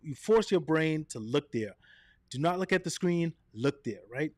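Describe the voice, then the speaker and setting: A man presenting a live online coaching session, energetic and direct, swinging his voice up and down and checking in with "right?" and "okay?". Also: on the high side, no echo, clean studio sound. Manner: energetic, varies his voice up and down, quick asides. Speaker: presenter of a live video workshop.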